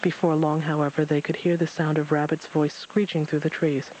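A man reads a storybook aloud in a calm, even manner. His voice sits a little high. Faint hiss hangs under the recording. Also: a little fast, few pauses, poor audio. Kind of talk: storybook read-aloud narration.

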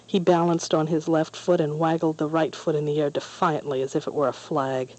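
A narrator reading a children's story aloud in a calm, measured way. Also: mid-range voice, low-quality recording.

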